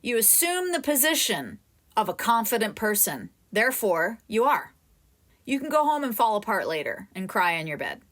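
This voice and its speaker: Female acting coach, lively and expressive pitch, direct and animated with a student. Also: moderate pace. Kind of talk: live coaching session.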